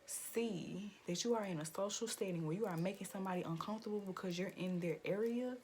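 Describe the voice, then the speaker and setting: A young woman vlogger telling a profane, animated story-time rant with lots of "like" fillers, jumping into high, loud quoted lines. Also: a little fast, a little hiss or hum. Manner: acts out quotes in sudden high, loud bursts.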